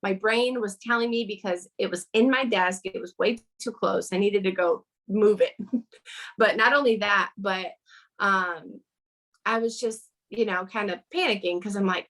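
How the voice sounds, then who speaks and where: A woman's voice: mid-range voice, measured pace, a bit bright, poor audio. A woman speaking as a guest in a casual interview over a video call, earnest and chatty with lots of fillers.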